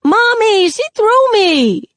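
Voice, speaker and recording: A woman voicing an excitable, whiny little boy in a read-aloud novel. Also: very high voice, takes it slowly, no echo, voice pushed up, exaggerated voice. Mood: whining.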